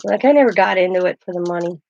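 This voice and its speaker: A woman's voice: fairly low pitch, very fast, creaky, a little mellow, dry recording. A woman hosting a casual craft livestream, chatty and rambling as she talks to her chat while she works. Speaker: craft channel host. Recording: dull lo-fi dry sound.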